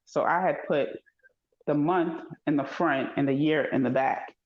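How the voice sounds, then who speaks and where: A woman in casual chat, telling stories with animation and acting out dialogue in a higher voice. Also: measured pace. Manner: animated storytelling, acts out dialogue in high voice. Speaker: podcast co-host. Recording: dull echoey room.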